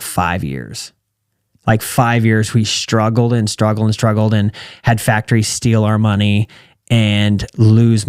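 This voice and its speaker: A man's voice: lowish voice, clean tone, dry recording, clean studio sound. A man in his thirties with an American accent, a guest on an interview show, telling stories casually and acting out the dialogue. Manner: animated storyteller who acts out quoted dialogue. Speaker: guest, retired champion calf roper and entrepreneur.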